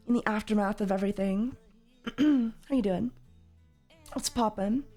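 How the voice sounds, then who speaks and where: Loud, sweary woman streamer. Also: medium pitch, moderate pace, faint music behind. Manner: loud, swears freely, jumps into yelling. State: slightly tired voice. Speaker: livestream host. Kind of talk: casual stream chat.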